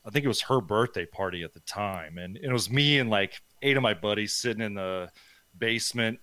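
A man's voice: lowish voice, fairly quick, pushed and bright, no echo. A man from Nebraska telling a story as a podcast guest, rambling with lots of fillers and casual swearing. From Nebraska, USA.

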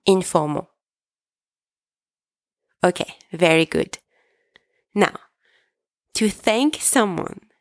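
Woman language teacher, lowish voice, very slow and patient drill delivery, dry close sound. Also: gravelly, no echo. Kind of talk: slow, clear language lesson with repeat-after-me drills.

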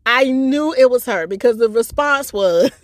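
A woman hosting a podcast, telling a personal story in an emotional, expressive way with laughter. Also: sits high, takes it slowly, no room sound, studio quality. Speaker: podcast host.

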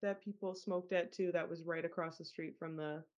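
A young woman co-hosting a podcast, bubbly and quick to react with enthusiasm. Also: fairly low pitch, fairly even intonation, a little mellow, highs cut off. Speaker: podcast co-host. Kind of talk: casual chat.

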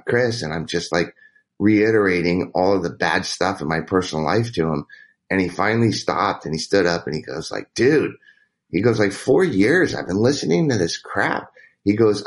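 A man with a fairly low voice talks as a guest in an interview. He tells a candid personal story in a rambling way, with restarts and quoted dialogue.

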